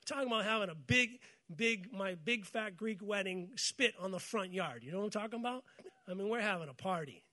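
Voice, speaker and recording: High-voiced pastor preaching with humor. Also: male voice, animated, a little fast, bright, forceful tone. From United States. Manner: call-and-response with congregation, storytelling with humor. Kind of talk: sermon.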